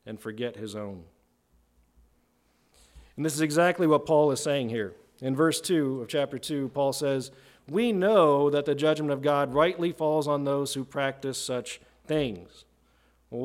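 A middle-aged man preaching a sermon in a conversational way, often checking in with "right?". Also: mid-range voice. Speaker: pastor.

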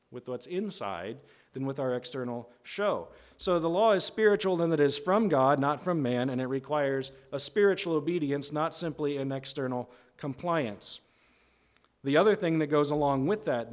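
A man teaching verse by verse through a Bible book, deliberate and emphatic, often checking in with "right?". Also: fairly high pitch. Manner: deliberate, stretches key words, often adds "right?".

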